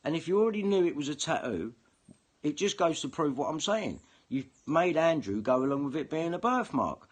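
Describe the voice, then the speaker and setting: A man's voice: on the high side, sing-song, moderate pace. A man ranting to camera, swearing heavily and combative, often repeating himself. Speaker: online video commentator. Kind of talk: angry ranting monologue to camera.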